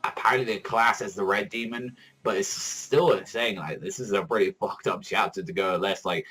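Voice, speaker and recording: A young man giving a casual manga chapter review, excitable and rambling, swearing freely. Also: fairly low pitch, normal speed, slightly rough, poor audio. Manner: profane, excitable, rambling with many fillers.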